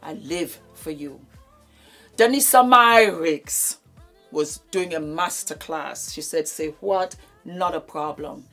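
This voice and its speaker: A woman's voice: low-pitched, steady tone, a little slow, hardly any pauses, soft background music. A woman in her fifties giving an emotional speech, effusive and repeating her thanks over and over. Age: 50s. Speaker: beauty vlogger giving a thank-you speech.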